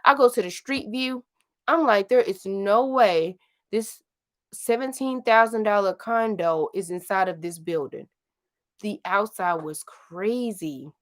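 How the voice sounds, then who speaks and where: A woman's voice: mid-range voice, unhurried. A woman in her late thirties from St. Louis, chatting casually and rambling on a livestream, laughing often. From St. Louis, Missouri. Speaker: livestream host. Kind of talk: casual live chat.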